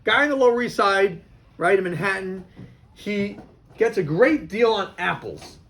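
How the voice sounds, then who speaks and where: A rabbi teaches a class of boys in a lively, high-pitched voice that swoops widely. He tells his story animatedly, often restarting and repeating phrases. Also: measured pace, a little hiss or hum.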